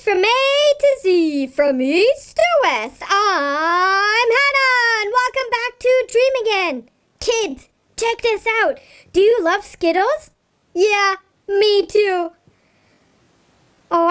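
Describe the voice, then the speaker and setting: A woman's voice: very high-pitched, fairly bright tone. A woman hosting a children's science segment, bubbly and chatty with the kids. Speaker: host. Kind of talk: upbeat children's lesson.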